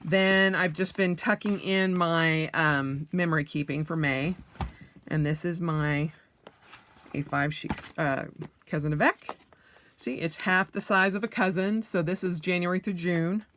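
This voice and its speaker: A woman's voice: on the low side, fairly even intonation, measured pace, a bit bright, slight background noise. A woman vlogger chatting casually and enthusiastically through an unboxing, with plenty of fillers.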